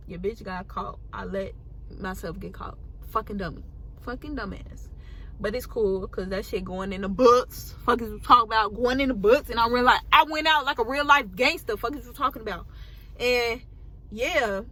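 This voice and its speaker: An eighteen-year-old woman vlogger telling a casual storytime, animated and full of slang and swearing. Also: on the high side, normal speed, slight background noise.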